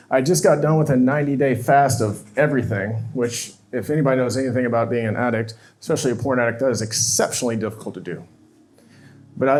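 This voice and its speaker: A man's voice: medium pitch, darkish tone. A man on stage telling a painful personal story, emotional and confessional, acting out the dialogue he quotes. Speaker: speaker. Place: stage at a live talk event.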